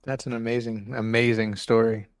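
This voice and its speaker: A man's voice: medium pitch, little pitch movement, moderate pace, no echo, clean studio sound. A man hosting a podcast, responding to his guest in an enthusiastic, affirming way. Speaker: podcast host. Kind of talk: casual interview chat.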